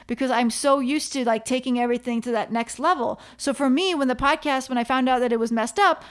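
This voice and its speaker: A woman hosting her own podcast, telling a personal story in an animated way and repeating phrases for emphasis. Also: sits high, fast talker, few pauses, smooth. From Canada. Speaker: podcast host. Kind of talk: solo podcast monologue.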